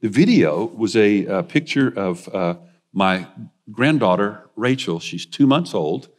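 Older man preaching, low voice. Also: animated, unhurried. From United States. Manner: earnest, confessional personal storytelling. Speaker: guest preacher. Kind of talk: sermon storytelling. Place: church.

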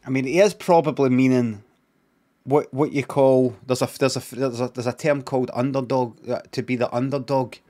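A man's voice: medium pitch, fairly even intonation, fairly quick, hardly any pauses, warm tone. A Scottish streamer casually commenting on a clip, rambling and repeating words as he thinks aloud.

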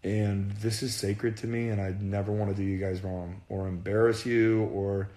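A man's voice: lowish voice, little pitch movement, normal speed, mellow, roomy sound. A man chatting casually on a phone livestream, earnest and rambling, often repeating himself. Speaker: band frontman on a livestream.

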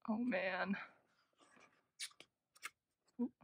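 A young woman casually narrating an unboxing, gushing with frequent gasps and soft half-whispered asides. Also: mid-range voice, drawn-out words, creaky, slightly rough, highs cut off. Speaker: unboxing vlogger.

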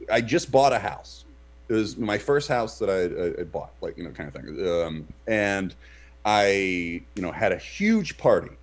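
Animated man telling a rambling story. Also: on the low side. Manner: animated, shouts in reenacted quotes. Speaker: podcast co-host. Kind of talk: casual storytelling chat.

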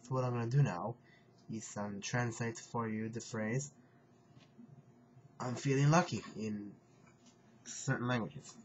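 A man teaching a phrase on his video channel, speaking slowly and carefully, repeating each phrase and clearing his throat now and then. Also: fairly low pitch, steady tone. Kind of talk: casual home video lesson. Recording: dull lo-fi home recording, faint hiss.

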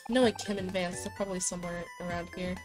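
A woman's voice: on the low side, steady tone, quick pace. A young woman streaming a game, joking to herself and reading dialogue aloud. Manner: playful, joking asides to herself. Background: faint game music.

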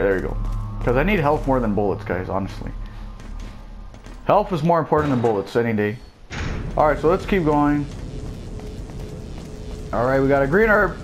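A young man giving jokey, excitable let's play commentary, with loud bursts of surprise. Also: mid-range voice. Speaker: gameplay commentator. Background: family noise and faint game music.

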